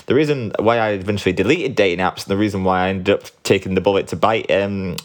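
Sleepy low-voiced man podcasting. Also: fast. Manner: rambling, candid, swears casually. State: sleepy, relaxed. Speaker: podcast host. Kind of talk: casual solo podcast chat. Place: at home at night.

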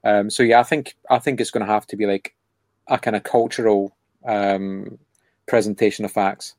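A man's voice: lowish voice, fairly even intonation, moderate pace, a little mellow, dry recording. A man co-hosting a casual podcast, rambling and sardonic, with lots of filler words. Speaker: podcast co-host.

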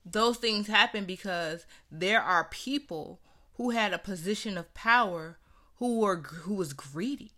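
A young woman with a bright, forceful voice tells a personal story in a candid, conversational way. She talks with earnest conviction and acts out the voices of people she quotes. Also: mid-range voice, expressive, a little slow.

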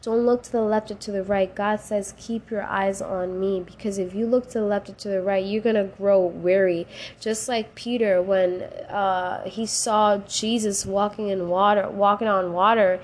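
A woman's voice: medium pitch, steady tone, moderate pace. Female podcast host, casual faith talk, tearful and heartfelt, faint room noise. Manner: emotional, rising to cries and laughs, casual slang.

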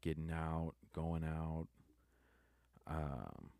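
A man's voice: rumbling low, animated, very slow, vocal fry, mellow, no room sound. A young adult man giving a subdued, rambling confessional monologue that halts and restarts often. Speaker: vlogger.

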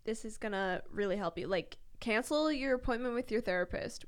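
A woman's voice: a little high, a little fast. A woman co-hosting a comedic podcast, playful and goofy, reading aloud with mock seriousness. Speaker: podcast co-host.

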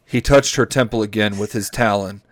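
A man co-hosting a comedy podcast, reading a story aloud in a deadpan way and stopping to comment on the text. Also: fairly low pitch, moderate pace, dry recording. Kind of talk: comedic read-aloud with banter.

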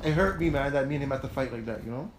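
A man telling a heated personal story in casual chat, animated, laughing and swearing as he goes. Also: medium pitch, very fast, background noise. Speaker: host.

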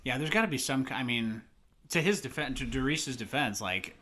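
Guy w a bright punchy voice, laughing a lot, hosting a movie podcast. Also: mid-range voice, fairly quick. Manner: animated storytelling, laughs often, acts out quotes. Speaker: podcast co-host. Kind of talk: casual movie podcast chat.

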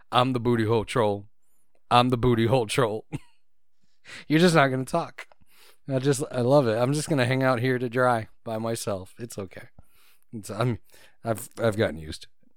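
A man's voice: mid-range voice, no echo, clean studio sound. A man co-hosting a video game podcast, reading news items between jokes and laughing often, repeating his own phrases. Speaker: podcast co-host.

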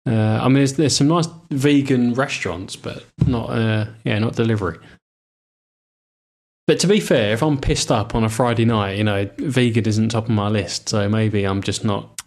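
A man's voice: lowish voice, moderate pace, a little mellow. A young man in casual podcast chat, bantering bluntly and swearing freely.

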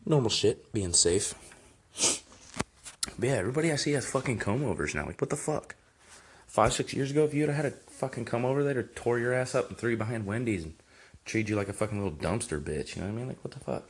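A man's voice: medium pitch, animated, fast, long pauses, slight background noise. A man in his twenties hosting a casual podcast, ranting loosely with heavy swearing while sipping beer. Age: 20s. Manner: profane, loose, drinking beer while talking. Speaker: podcast host. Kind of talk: casual comedic rant.

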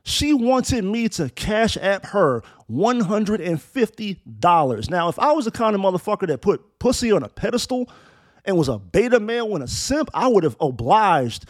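A man in his thirties talks straight into the mic, blunt and profane, his fairly high voice swinging up and down as he drives each point home. The sound is dry and close, with no room around him. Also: sing-song, moderate pace, dry recording. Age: 30s. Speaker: commentator. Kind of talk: opinionated monologue with storytelling.

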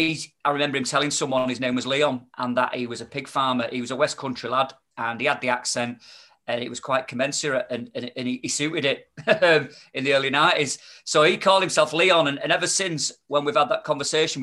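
Man, bright tone, loose rambling podcast chat, lots of restarts. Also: mid-range voice. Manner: rambling, many restarts and fillers. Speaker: podcast guest, spoken-word performer.

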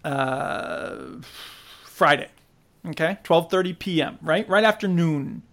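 A young man hosting a podcast, telling a long story in a casual, animated way and acting out the people he quotes. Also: fairly high pitch, takes it slowly. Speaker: podcast host.

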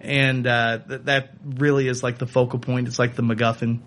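A man co-hosting a casual podcast, reviewing a video game in quick bursts broken by fillers. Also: medium pitch, flat delivery, fairly bright tone, slight background noise. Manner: talks fast in bursts, many fillers. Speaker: podcast co-host. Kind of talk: casual chat.

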